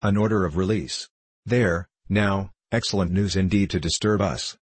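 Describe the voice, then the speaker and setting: A man's voice: low voice, normal speed, husky, dry recording. Man reading a grumbling prison governor. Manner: complaining, long-winded. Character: grumbling middle-aged male prison governor, self-satisfied. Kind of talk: audiobook dialogue reading.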